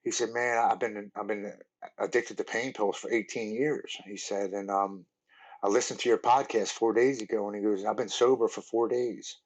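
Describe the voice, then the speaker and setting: A man's voice: lowish voice, steady tone, normal speed, low-quality recording. A man in his forties, a podcast guest earnestly telling his recovery story, with lots of "like" and restarts.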